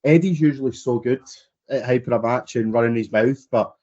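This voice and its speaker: Mellow young man, muffled mic. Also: medium pitch, brisk. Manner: agreeable, short replies, swears. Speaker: podcast co-host. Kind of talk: casual wrestling chat.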